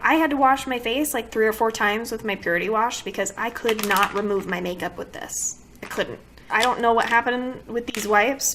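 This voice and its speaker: A woman's voice: medium pitch, a bit bright, a little hiss or hum. A woman beauty vlogger giving a casual product review to camera, complaining dramatically and asking exasperated rhetorical questions.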